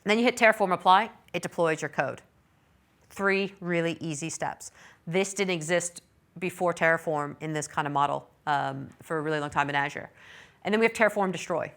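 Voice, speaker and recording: A middle-aged woman giving a technical conference talk, chatty and self-deprecating, with quick apologetic asides. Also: lowish voice, a bit bright. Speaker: conference speaker.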